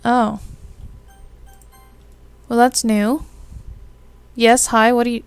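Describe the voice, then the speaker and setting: Wry young woman streamer, slightly high. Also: flat delivery, drawn-out words, clear, resonant tone, no room sound, soft background music. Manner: wry, joking asides while reading. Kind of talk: casual game commentary.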